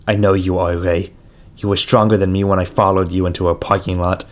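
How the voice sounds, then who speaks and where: A man's voice: low voice, flat delivery, fairly quick, close to an everyday voice. A man voicing a hurt, frightened teenage girl who speaks in a pleading, breathless way.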